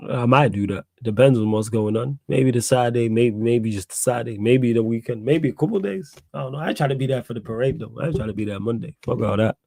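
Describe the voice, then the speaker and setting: Gravelly Mancunian man, laid-back banter. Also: mid-range voice, fast talker, few pauses, darkish tone, dry recording. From Manchester, England. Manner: laid-back, laughs often, slangy. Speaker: podcast host. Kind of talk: casual football chat.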